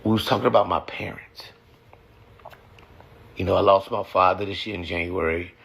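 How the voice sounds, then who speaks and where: A man's voice: deep voice, steady tone, moderate pace, gravelly, a bit bright, husky. A man talking casually and emotionally about his family and faith, blunt and full of cussing. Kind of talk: casual reflective talk.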